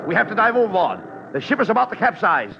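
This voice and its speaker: A bossy, brisk straight man hurries a 1940s radio comedy along. His high, lively voice has a gravelly edge. The recording is a dull, hissy vintage broadcast.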